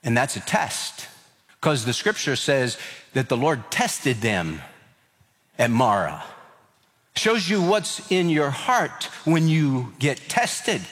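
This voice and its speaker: A male pastor preaching a sermon, lively and expressive, acting out the voices of people in scripture. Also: slow pace. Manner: animated, acts out scripture voices with rising pitch. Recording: long hall reverb.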